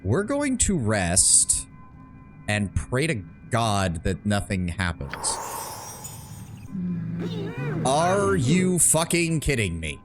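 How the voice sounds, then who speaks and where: A man's voice: medium pitch, wildly swooping pitch, drawn-out words, pauses often, over music. A man streaming live gameplay, talking casually, muttering his plans and swearing when frustrated.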